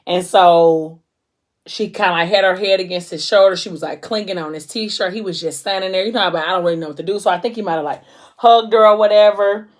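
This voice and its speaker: A woman's voice: medium pitch, a little fast. A woman vlogger casually retelling and discussing a novel in a chatty, slangy style full of fillers.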